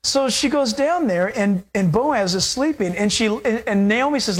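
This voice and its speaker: A preacher telling a Bible story during a sermon in a casual, animated way, full of fillers like "you know" and "uh". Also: medium pitch, normal speed, husky.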